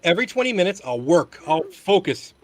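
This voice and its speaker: A man's voice: high voice, sing-song, brisk, darkish tone. A man hosting a casual chat show, telling stories in a rambling way with casual swearing. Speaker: host.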